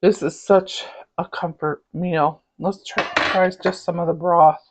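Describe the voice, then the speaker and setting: A woman's voice: fairly low pitch, steady tone, measured pace. A woman with a light Southern accent, chatting casually as she cooks and tastes food in her home kitchen, humming over each bite. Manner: chatty, savoring food with hums. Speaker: cooking channel host. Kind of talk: casual cooking demonstration. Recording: dull lo-fi recording.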